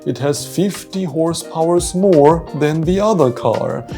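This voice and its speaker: A man's voice: on the high side, animated, unhurried, warm tone, soft background music, pitched above the performer's own voice. A man with a German accent mimicking a smug everyday man boasting about his car. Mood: boastful.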